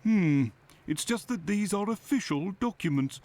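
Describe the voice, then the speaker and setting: A chatty eager constable in a game, high voice, bounces around a lot. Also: male voice, expressive, unhurried, a little mellow. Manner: chatty, deferential, impressed. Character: eager male London police constable. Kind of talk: video game voice acting.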